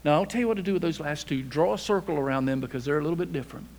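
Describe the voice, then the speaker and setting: A man's voice: a little high, racing. Folksy older man preaching a sermon. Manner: dynamic delivery, drops to a hushed near-whisper for emphasis; folksy and humorous. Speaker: pastor.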